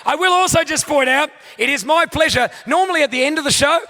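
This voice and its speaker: An Australian man hosting a live comedy show on stage, loud, sweary and exasperated as he banters with the audience. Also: very high-pitched, fast talker.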